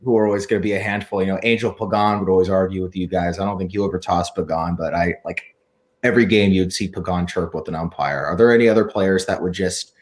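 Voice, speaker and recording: A man's voice: low voice, steady tone, fast. A man hosting an interview, opinionated, asking long run-on questions. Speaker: podcast host, interviewer. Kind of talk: casual interview.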